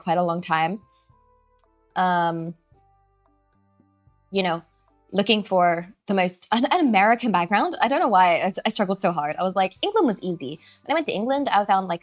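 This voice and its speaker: A woman's voice: fairly low pitch, no echo. A woman streamer chatting casually at her setup, giggly, scattered and self-deprecating, often restarting her sentences. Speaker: streamer, virtual avatar host. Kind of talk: casual live-stream chat.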